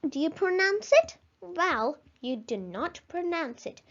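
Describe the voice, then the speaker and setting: Speaking at a measured pace in a very high, sing-song voice, a woman teaches a language lesson. She pronounces words with care and prompts the listener to repeat them. The recording sounds slightly dull and lo-fi.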